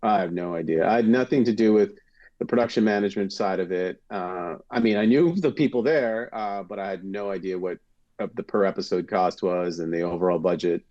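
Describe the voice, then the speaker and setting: A man born in Britain, a former TV host, telling stories as a podcast guest in a lively, animated way, jumping up in pitch when acting out what people said. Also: brisk, dull audio. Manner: animated storyteller, acts out quotes with big pitch jumps. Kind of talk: casual storytelling chat.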